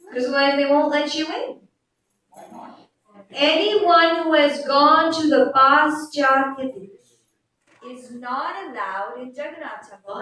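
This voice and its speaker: A young woman teaching a children's religious class in a temple hall, slow and patient, quizzing the kids as she goes. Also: high voice, bright, forceful tone, a little hiss or hum. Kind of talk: religious lesson with chanted verses. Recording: very echoey hall, mic far off.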